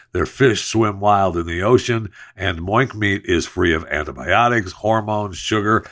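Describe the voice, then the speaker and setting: A man's voice: low voice, a bit bright. A man hosting a podcast, reading an ad and chatting about the news in a jokey, chatty way. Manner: chatty, jokey, drawn-out emphasis. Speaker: podcast host. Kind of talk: casual host-read ad and news chat.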